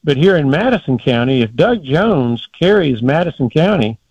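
An older man giving political commentary as a guest in a measured, folksy, deliberate way. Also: fairly high pitch, big pitch swings, a little mellow, slightly rough, dry recording, muffled recording.

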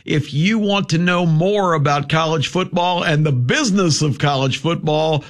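Man, sports radio host, chatty, voice on the higher side. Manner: chatty, with quick interjections.

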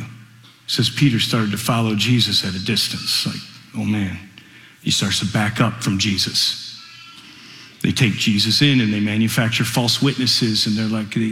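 A man preaching a radio sermon, telling a story dramatically and building to impassioned, near-shouted passages. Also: mid-range voice, roomy sound, in a large hall.

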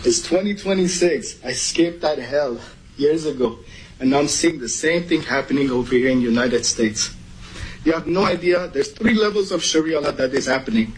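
A man's voice: normal speed, slight background noise, low-quality recording. A man from Iran giving an urgent, emotional public comment, close to tears. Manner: urgent, emotional, rising to high pitch. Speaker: public speaker at a meeting.

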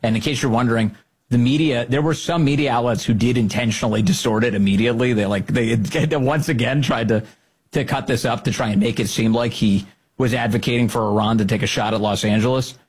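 A man's voice: mid-range voice, fairly quick, breathy edge. A man hosting a political podcast, commenting sarcastically on played clips with frequent laughter. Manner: sarcastic, laughing, animated asides.

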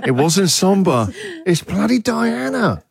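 A man's voice: high voice, sing-song, takes it slowly, vocal fry. A man hosting a radio show in casual banter, joking, laughing often and mimicking song lines. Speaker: radio host. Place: radio studio. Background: music bed.

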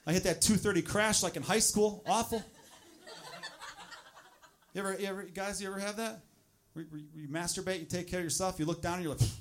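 Animated stand-up comic man, high voice. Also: a little fast, pauses often, background noise. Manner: animated, shouting into mocking quoted rants. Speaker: stand-up comedian. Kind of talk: stand-up comedy set.

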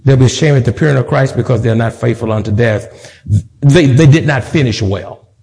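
A man's voice: medium pitch, fairly quick, creaky, darkish tone. A male pastor preaching a sermon, building emphatic repetitions and slipping in humorous asides. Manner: rhythmic repetition, rising to emphatic peaks. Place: church sanctuary.

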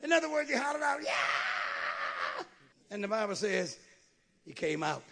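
A male pastor preaching a sermon with call-and-response, building to shouts. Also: high-pitched, very animated, brisk.

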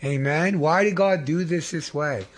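A young man shares church testimony in a husky, slightly breathy voice. He talks earnestly and rambles, often restarting his sentences and filling pauses as he goes. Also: a little high. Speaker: lay preacher giving testimony. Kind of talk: testimony sermon.

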